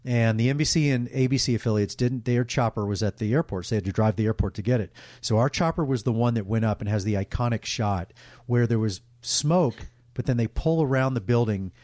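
A middle-aged sportscaster telling emotional, candid stories in a casual interview, rambling with restarts. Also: male voice, mid-range voice, a little fast, darkish tone, no echo, studio quality. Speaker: guest, sportscaster.

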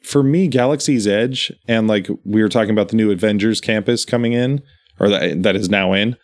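Podcast co-host, man, low voice, casual and meandering, enthusiastic. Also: fairly quick. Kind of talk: casual chat.

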